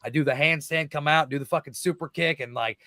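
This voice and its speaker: A young man, a guest wrestler, telling stories in a podcast interview, excited and full of swearing, shouting out the quotes he acts out. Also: fairly high pitch, fairly quick, no echo. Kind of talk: casual storytelling in a podcast interview.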